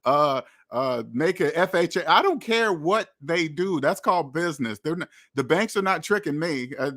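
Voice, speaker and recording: A man's voice: on the high side, expressive, moderate pace, few pauses, a bit bright. A man hosting a money channel, lecturing viewers in a preachy, repetitive way and acting out imagined quotes. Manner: preachy, repetitive, addresses viewers as debt slaves. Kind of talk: motivational monologue.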